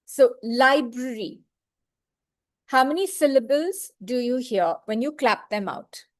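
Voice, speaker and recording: A woman training librarians in an online webinar, speaking patiently and sounding out words syllable by syllable. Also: high-pitched. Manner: slow, patient, clapping out syllables.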